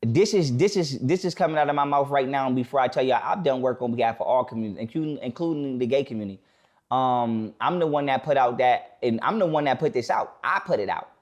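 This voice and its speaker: A man talking bluntly in a casual podcast conversation. He swears freely and slows down to repeat his main points. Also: medium pitch. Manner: blunt, profane, stops to repeat key points slowly. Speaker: podcast guest.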